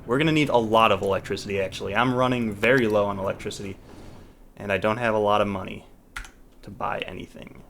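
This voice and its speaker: A man's voice: on the low side, fast, a bit bright, slight background noise. A man hosting a let's play, talking casually as he thinks aloud, restarting sentences and trailing off, with mild exasperation. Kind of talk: casual gameplay commentary.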